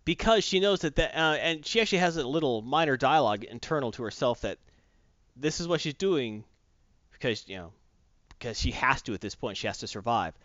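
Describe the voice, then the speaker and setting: A man chatting through a comic book plot with a lively, swooping delivery, slipping into voices for the characters. The recording is dry and a little dull, with no room sound. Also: medium pitch, dry recording. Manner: animated, jumps into quick character voices while retelling. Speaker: comic book podcast host. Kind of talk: casual comic recap chat.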